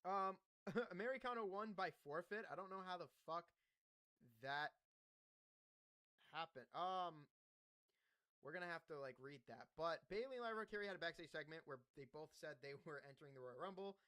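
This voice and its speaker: A man's voice: on the high side, animated, normal speed, pauses often, bright, forceful tone. A young man hosting a wrestling podcast, recapping the show casually, swearing and joking at himself. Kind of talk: casual wrestling recap, reading notes aloud.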